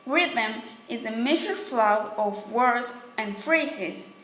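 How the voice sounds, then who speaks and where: A woman narrating definitions in a class presentation, reading in a measured, deliberate way. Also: fairly high pitch, lively intonation, fairly bright tone, roomy sound. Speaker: student presenter.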